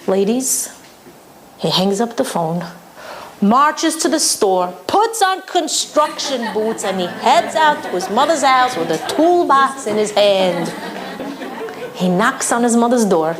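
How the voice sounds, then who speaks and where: A woman teacher delivering a humorous lecture to women, full of animated storytelling. Her voice sits high, and she speaks straight to her audience. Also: slow. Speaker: Torah teacher.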